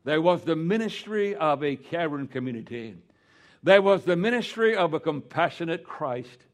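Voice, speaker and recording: An older man preaching in a drawl, his voice sitting a little high for a man. He drops to a soft, slow hush, then climbs into loud, ringing exclamations. It has the fervent rise and fall of a revival sermon. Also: expressive. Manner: fervent preaching with sudden rises in pitch and volume. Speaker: pastor.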